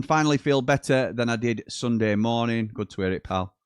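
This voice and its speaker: Bloke doing a live footy watchalong, reading chat, gets loud at goals, dry close mic. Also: male voice, mid-range voice, a little fast, smooth, no echo. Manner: chatty, reads out live chat messages, excitable at goals. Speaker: watchalong host. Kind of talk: live football watchalong commentary.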